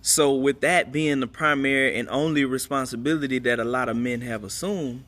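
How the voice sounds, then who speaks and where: A man's voice: medium pitch, fairly even intonation, normal speed, fairly bright tone. A man talking casually outdoors to people on a live stream, telling a story in a loose, repetitive way and calling his listeners "man" again and again. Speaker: father streaming live to followers. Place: outdoors at home.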